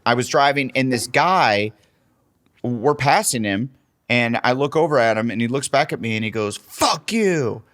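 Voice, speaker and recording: A man's voice: medium pitch, moderate pace, a bit bright. A middle-aged man co-hosting a podcast, telling a long, profane anecdote in casual chat and acting out the quotes. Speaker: podcast co-host.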